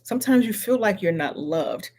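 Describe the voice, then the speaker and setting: A middle-aged woman hosting a motivational live stream, speaking slowly and earnestly and repeating her affirmations to viewers. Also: medium pitch, expressive, dark tone.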